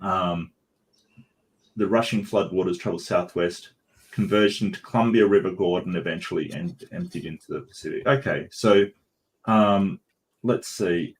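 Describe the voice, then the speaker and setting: A man hosting a casual panel discussion, halting and full of fillers and restarts. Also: deep voice. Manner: hesitant, many fillers and restarts. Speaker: host.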